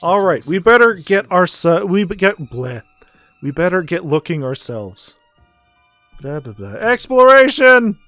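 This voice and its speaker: A man's voice: high-pitched, measured pace, a bit bright, no echo, soft background music. A man streaming a video game, reading the dialogue aloud and joking in casual commentary, with some swearing.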